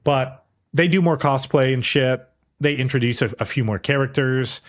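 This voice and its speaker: A man's voice: medium pitch, moderate pace. A man co-hosting a podcast, chatting casually about anime, rambling and swearing freely, briefly acting out characters' lines. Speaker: podcast co-host. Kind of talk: casual anime review chat.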